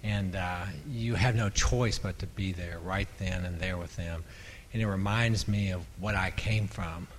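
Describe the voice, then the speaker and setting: Deep-voiced man sharing earnestly. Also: steady tone, unhurried, hardly any pauses, slight background noise. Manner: earnest, heartfelt. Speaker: church group participant. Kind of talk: sharing in a group.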